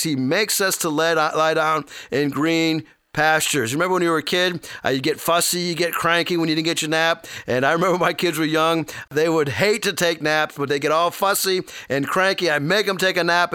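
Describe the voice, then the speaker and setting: A man's voice: on the high side, sharp tone, smooth, dry recording, clean studio sound. A man preaching a sermon in a folksy way, with light humor and personal stories. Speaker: pastor.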